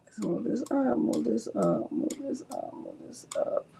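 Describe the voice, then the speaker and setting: This woman's slightly high, gravelly, dark-toned voice swings hugely in pitch at a measured pace, with slight background noise behind her. Hosting a casual live craft stream, she chats freely, narrates her clicks and each step aloud, and answers live chat, at times muttering under her breath.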